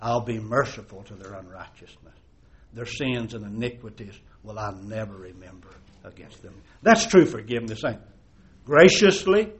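A male pastor preaching a sermon with a fairly high voice. He keeps moving between loud, stressed phrases and near-hushed asides. He leans on folksy stories and rhetorical questions. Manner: preaching with dramatic swings from loud emphasis to hushed tones.

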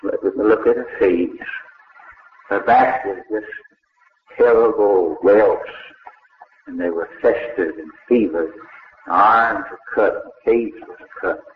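Preacher telling a story, echoey old recording. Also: male voice, fairly low pitch, a little hiss or hum. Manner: slow, dramatic storytelling with quoted voices. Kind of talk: sermon storytelling. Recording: echoey hall over a tinny, lo-fi line.

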